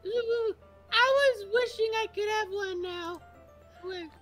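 A woman's voice: slow pace, a bit bright, faint music behind, heavily acted. Natsuki, a woman voicing a bratty tsundere girl. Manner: high, snippy and flustered. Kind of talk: reading visual novel lines aloud.

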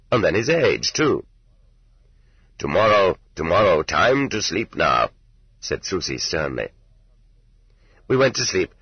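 Deep, husky male audiobook narrator. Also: dry recording. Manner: measured, even reading. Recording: dull lo-fi tape, dry.

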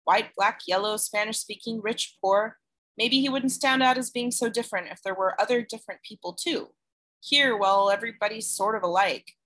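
A woman's voice: mid-range voice, moderate pace, a bit bright, lightly acted. A woman voicing a teenage boy who talks in a loose, frank, thoughtful way. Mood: musing.

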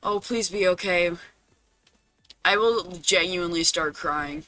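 Streaming a game live with faint music behind him, a high-voiced man talks unhurriedly to his chat, worrying out loud and occasionally erupting in loud dramatic cries, with no echo.

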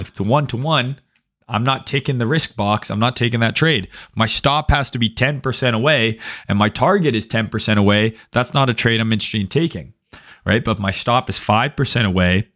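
Low-ish dude on a trading stream, chatty and sweary, always going "right?". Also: male voice, a little fast, a bit bright. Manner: conversational, profane, reads chat aloud, frequent "right?". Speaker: livestream host, trading educator. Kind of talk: casual livestream talk.

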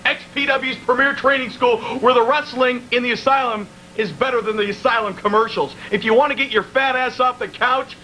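A man's voice: steady tone, fairly quick, few pauses, pushed and bright, soft background music, rough recording. A man hosting a wrestling show, doing brash, sarcastic mock commercials. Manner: brash, sarcastic pitchman delivery. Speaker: show host. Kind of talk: mock commercial reads and comedy bits.

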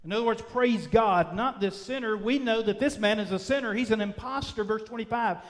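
A male pastor preaching a sermon, with emphatic drawn-out phrases that swing between loud and soft. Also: high voice. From United States. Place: church sanctuary. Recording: long reverb of a church sanctuary.

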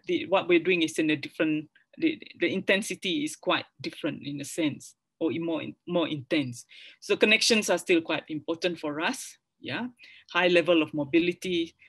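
A middle-aged woman with a Malaysian English accent gives a public academic lecture. She talks in halting bursts, often restarting a phrase midway. She keeps turning to the audience with quick tag questions. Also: on the low side, fairly bright tone. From Sarawak, Malaysia.

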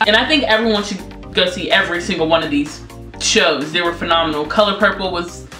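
Young woman, casual vlog chat, halting and quick, mid pitch, echoey room, faint music. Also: sharp tone. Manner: quick, halting, self-conscious talk. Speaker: vlogger.

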